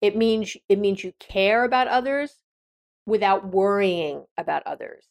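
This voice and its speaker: A woman's voice: mid-range voice, unhurried. A woman hosting an advice podcast, talking frankly and directly in a casual monologue with frequent restarts. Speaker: podcast host.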